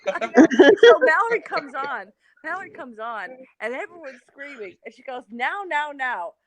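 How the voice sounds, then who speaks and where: A woman co-hosting a casual gossip chat, telling stories in a giggly, animated way. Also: high-pitched, normal speed, crowd noise. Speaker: co-host.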